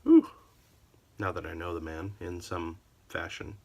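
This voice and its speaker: A man's voice: low voice, fairly even intonation, unhurried, creaky, a little mellow. A man telling a comic story about a customer in a sarcastic, theatrical way. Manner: theatrical, sarcastic, wildly varied delivery.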